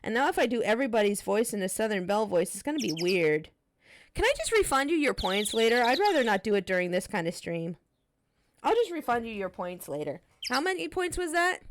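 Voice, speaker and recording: A woman streamer chatting casually with her viewers, in a chatty, relaxed and apologetic manner. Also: on the high side, fairly quick, slight background noise. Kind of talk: casual live-stream chat.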